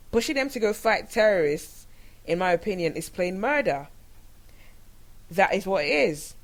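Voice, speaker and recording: A woman's voice: lowish voice, low-quality recording. Outspoken woman hosting a commentary show. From Nigeria. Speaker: show host. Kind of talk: opinionated commentary monologue.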